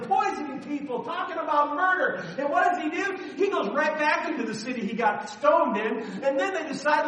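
Male pastor, high bright voice, emphatic sermon delivery with shouted peaks, roomy church echo. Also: moderate pace, few pauses. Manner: animated, emphatic preaching with sudden shouts. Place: church sanctuary. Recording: roomy echo, voice heard from a distance.

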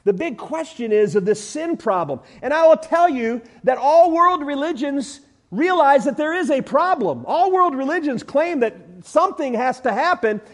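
A man preaching a sermon with emphatic delivery, swinging from loud declarations to hushed lines, with everyday illustrations and humor. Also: extremely high pitch, animated, normal speed, few pauses.

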